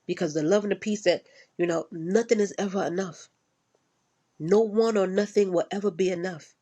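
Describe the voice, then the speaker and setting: A woman's voice: medium pitch, moderate pace, mellow, husky. A woman ranting casually, blunt and profane, repeating herself for emphasis. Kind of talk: casual rant.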